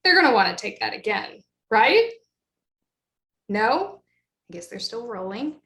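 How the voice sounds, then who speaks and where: A woman's voice: fairly high pitch, very animated, unhurried, creaky, long pauses, a bit bright. Woman doing a solo stage monologue, wry and second-guessing herself, echoey room. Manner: wry and self-doubting. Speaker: solo performer. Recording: roomy echo.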